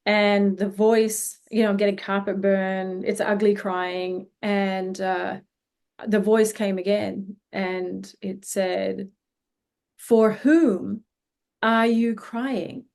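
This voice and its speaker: A woman's voice: mid-range voice, level tone, slow pace, creaky, a little mellow. Earnest woman telling a story. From Australia. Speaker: hypnosis healing practitioner guest. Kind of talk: interview storytelling.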